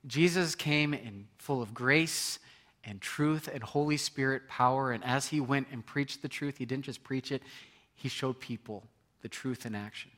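Bright-toned guy preaching, earnest, keeps restarting words, gets loud and punchy on key points. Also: mid-range voice, measured pace. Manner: earnest, rising to emphatic, with frequent restarts. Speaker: pastor. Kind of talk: sermon.

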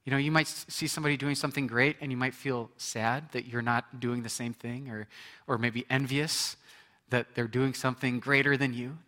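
A man's voice: mid-range voice, fairly even intonation, normal speed, sharp tone. A man preaching a sermon as pastor, conversational, with repetitions and asides to the congregation.

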